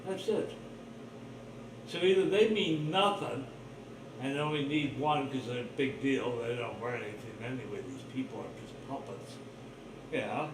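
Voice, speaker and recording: A man's voice: mid-range voice, unhurried, distant mic, noisy background. A man hosting his own livestream, talking in a rambling, blunt, profane monologue full of suspicion. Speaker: livestream host. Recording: roomy echo, voice off-mic, faint ambience.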